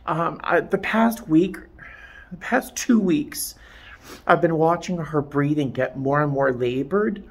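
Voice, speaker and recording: Gravelly, slow-talking distraught man. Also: on the high side. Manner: halting, rambling with many restarts. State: upset, close to tears. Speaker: vlogger. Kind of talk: emotional personal vlog. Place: veterinary clinic.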